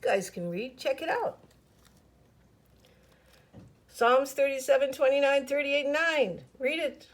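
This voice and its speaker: A woman's voice: sits high, normal speed, poor audio. A woman delivering a fervent, profane video rant that turns into preaching, repeating her calls over and over. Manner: fervent, profane, repetitive exhortations.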